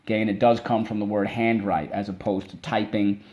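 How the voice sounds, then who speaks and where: A man teaching a spelling lesson to children, drilling words slowly syllable by syllable and coaxing the class along. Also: lowish voice, level tone, darkish tone, slight background noise.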